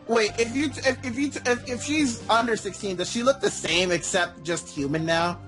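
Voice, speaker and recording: A man's voice: high voice, moderate pace, a bit bright, faint music behind. A young man in casual game commentary, stumbling through restarts and asking questions. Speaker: let's play commentator.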